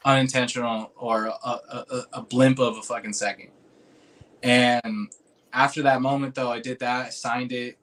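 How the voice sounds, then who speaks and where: Man, casual storyteller, rambling, slangy, cursing, earnest, mid-pitched voice. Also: level tone, moderate pace, a bit bright. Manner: rambling and informal, heavy on "like" and "dude", swears freely; earnest and emotional when recalling a moving moment.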